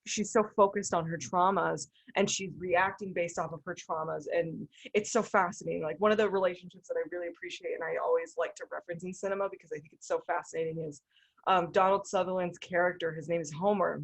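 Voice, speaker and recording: A woman co-hosting a podcast, talking through a film in a casual, animated way with lots of fillers. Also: lowish voice, quick pace, creaky, slightly rough. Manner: animated, talks through ideas with many fillers. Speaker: podcast co-host.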